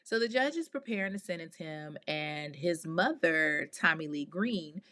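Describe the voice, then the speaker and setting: A woman hosting a podcast, telling a true-crime story in a casual, animated way, with outspoken, exasperated asides in slang. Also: low-pitched, measured pace. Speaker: podcast host.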